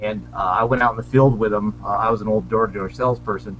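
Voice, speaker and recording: A man's voice: lowish voice, steady tone, quick pace, fairly bright tone, soft background music, low-quality recording. A man on a panel, chatty and self-deprecating, giving sales tips in a casual video call discussion. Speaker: panelist, small business owner. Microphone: video call webcam.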